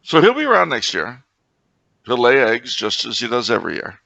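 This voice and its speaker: A man co-hosting a podcast, telling absurd stories with deadpan, mock-logical seriousness in casual comedic chat. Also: medium pitch, normal speed, creaky, no room sound, highs cut off. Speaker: podcast co-host.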